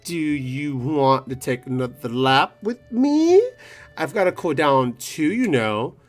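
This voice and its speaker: A man voicing a cheerful, athletic teenage girl runner in a visual novel game, with a bright, upbeat delivery. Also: a little high, sing-song, slow pace, faint music behind. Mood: friendly.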